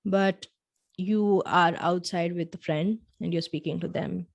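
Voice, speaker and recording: A woman hosting a podcast, talking the listener through a scenario in the second person with soft asides, and slowing down on key points. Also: on the low side, fairly even intonation, gravelly, muffled recording. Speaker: podcast host. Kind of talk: reflective storytelling podcast.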